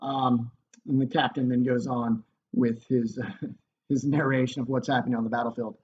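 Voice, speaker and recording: A man teaching a literature lesson in a relaxed, chatty way, recorded on a computer mic. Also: medium pitch, normal speed, slightly rough, lo-fi sound.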